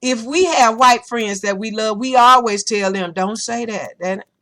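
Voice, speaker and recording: Blunt, bright-voiced woman podcast host. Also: a little high, a little slow. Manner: blunt, profane, animated storytelling. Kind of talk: casual opinion talk show. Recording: podcast recording.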